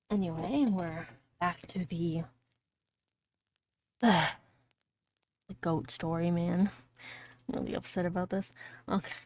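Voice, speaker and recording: A woman's voice: lowish voice, steady tone, slow, long pauses, darkish tone. Profane, joking woman streamer reading aloud. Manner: profane, joking asides to chat. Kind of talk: casual live-stream storytelling.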